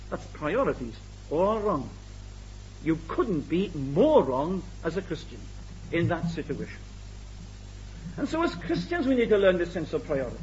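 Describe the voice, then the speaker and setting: Animated British preacher, lo-fi tape. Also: male voice, high-pitched, slight background noise. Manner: animated, rhetorical questions, acts out quoted voices. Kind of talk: sermon. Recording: dull lo-fi tape recording.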